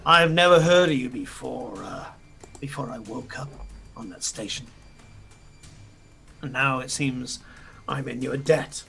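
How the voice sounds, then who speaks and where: A man's voice: medium pitch, measured pace, gravelly, pauses often, soft background music. A man doing a jovial aging alien crime boss. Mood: earnest. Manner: loud and jovial, a little drunk.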